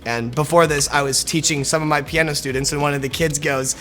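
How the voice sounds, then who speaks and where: A man's voice: fairly high pitch, steady tone, a little fast, hardly any pauses, pushed and bright, soft background music. A young man and lead actor talking casually in a behind-the-scenes interview, rambling and self-deprecating, laughing easily and joking with the crew.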